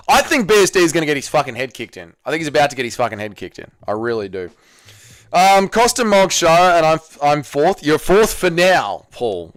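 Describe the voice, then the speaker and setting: Lively, excitable Australian young man streamer. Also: a little high, no echo, studio quality. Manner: excitable, swears freely, reads chat aloud. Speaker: livestream host. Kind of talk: casual livestream watch-along chat.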